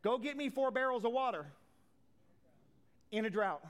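A man preaching a sermon as a pastor, swinging from loud declarations to hushed asides, with folksy plain talk. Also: very high voice, animated, normal speed, smooth.

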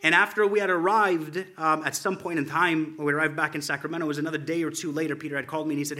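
A man with a forceful, bright tone gives an informal spoken tribute to friends. He tells loose, wandering stories over a slideshow and chuckles often as he goes. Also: a little high, fairly even intonation, rapid-fire, hardly any pauses. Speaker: church friend presenting a photo slideshow.

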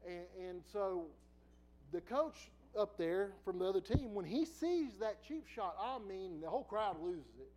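A middle-aged man preaches with a strikingly high voice for a man. He tells personal stories with lots of laughter and drops to quiet asides before rising into loud bursts. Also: a little slow, rough recording. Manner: lively storyteller who laughs often and swings from quiet asides to loud bursts. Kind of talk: sermon with personal storytelling.

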